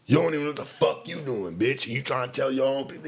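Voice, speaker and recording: A man hosting a late-night show, talking in a blunt, profane casual monologue with sudden loud outbursts. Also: mid-range voice, fast talker, gravelly, breathy edge.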